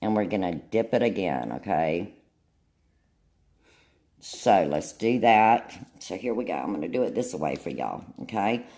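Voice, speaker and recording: A woman's voice: extremely low pitch, lively intonation, measured pace, mellow. A woman gives a casual, chatty nail tutorial, often checking in with her viewers. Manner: chatty, keeps checking in with "okay?".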